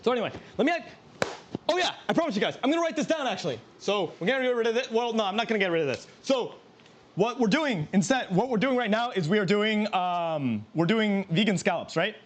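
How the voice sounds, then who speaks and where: A man's voice: high-pitched, animated, fast talker, a little hiss or hum. A man who streams himself cooking, chatting casually in a rambling, self-mocking way and laughing often. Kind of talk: casual live-stream chat while cooking.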